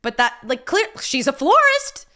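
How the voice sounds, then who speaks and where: Bright-voiced outspoken woman streamer. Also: sits high, very animated, normal speed. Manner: blunt, swears, laughs, exasperated asides. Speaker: streamer reacting to a news video. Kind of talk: casual reaction stream.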